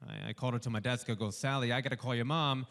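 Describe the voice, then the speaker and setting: A male stand-up comedian doing a warm-up set for a studio audience, delivering punchy jokes and acting out bits of dialogue. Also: mid-range voice, steady tone, racing, creaky. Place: live comedy show before a studio audience.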